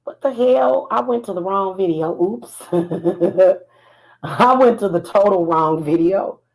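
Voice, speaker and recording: A woman vlogging in casual chat, animated and sassy, often laughing. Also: medium pitch, takes it slowly, low-quality recording. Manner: animated, laughing, singing snatches of a chorus; sassy, defiant. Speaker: spiritual vlogger.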